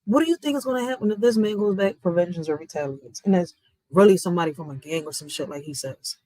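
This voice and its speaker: A woman's voice: on the low side, fast talker, warm tone, no room sound, low-quality recording. A woman giving blunt, heated commentary as a vlogger, ranting emphatically. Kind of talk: heated social media commentary.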